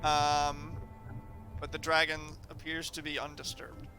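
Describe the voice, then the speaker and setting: A man running a tabletop game as game master, narrating loosely with many fillers and pauses. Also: fairly high pitch, monotone, pushed and bright, faint music behind.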